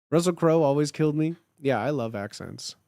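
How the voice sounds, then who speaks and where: A man's voice: fairly high pitch, no echo, studio quality. A young man in his twenties chatting casually and jokingly on a live stream, reading and answering chat. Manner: animated, jokey, slangy.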